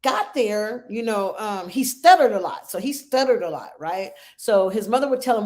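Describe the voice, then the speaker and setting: A woman's voice: medium pitch, expressive, moderate pace, hardly any pauses, a little mellow. A middle-aged woman hosting a support group for grieving mothers, telling a story in an earnest, emotional way and often checking in with "right?" and "okay?".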